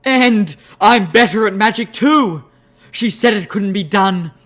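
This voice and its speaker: Man doing a shrill obsessive alicorn mare. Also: unhurried, a bit bright. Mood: boastful. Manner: shrill, intense, boastful. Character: obsessive, possessive female alicorn pony. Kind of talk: audiobook character voice.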